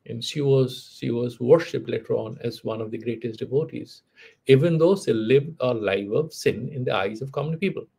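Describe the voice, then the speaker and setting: A man's voice: medium pitch, moderate pace, creaky, dark tone, breathy edge. A man giving a lecture on spiritual philosophy, telling a story in a conversational way, with frequent "you know" asides and restarts. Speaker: spiritual teacher.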